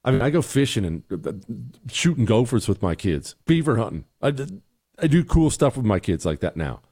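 A man's voice: mid-range voice, sing-song, normal speed, warm tone, breathy edge. A middle-aged man hosting a talk show, giving blunt, exasperated opinions and answering listener emails.

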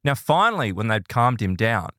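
Animated storytelling man, lively pitch. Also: moderate pace, no room sound, studio quality. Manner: animated, voices quoted people in higher pitch. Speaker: podcast host telling a ghost story. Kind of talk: casual storytelling chat.

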